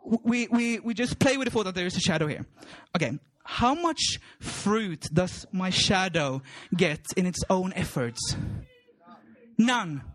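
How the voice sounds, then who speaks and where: A man preaching a lively sermon, exuberant and laughing often, repeating words and shouting at high points. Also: unhurried.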